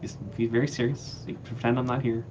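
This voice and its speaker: A man's voice: medium pitch, level tone, fast. A man hosting a live stream off camera, bantering playfully and mocking himself. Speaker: stream host. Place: off-camera, remote. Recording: dull lo-fi audio with clear background noise.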